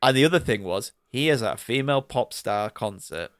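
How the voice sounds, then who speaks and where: A man co-hosting a podcast, chatting casually about a film, animated and swearing freely, often mimicking characters. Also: mid-range voice, normal speed, smooth, no echo, clean studio sound. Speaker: podcast co-host. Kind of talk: casual film review chat.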